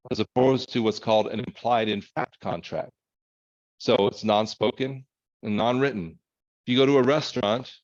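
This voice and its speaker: Male instructor, lowish voice, loose chatty lecturing with self-corrections, dull lo-fi sound. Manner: conversational, thinking aloud with fillers and self-corrections. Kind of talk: recorded lecture. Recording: muffled lo-fi lecture recording.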